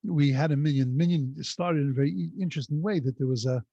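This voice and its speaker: A man's voice: on the high side, fast, creaky, mellow, dry recording, highs cut off. A man, a rabbi, teaching a class in a rambling, anecdotal storytelling way over a video call. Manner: rambling anecdotal delivery with frequent restarts. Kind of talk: conversational storytelling lesson.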